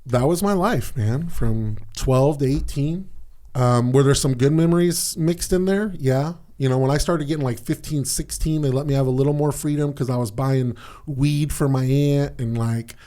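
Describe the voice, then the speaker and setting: A podcast guest shares personal stories frankly and casually, swearing freely and sprinkling in "man" and "dude." He has a mid-range voice with a dark tone and a moderate pace.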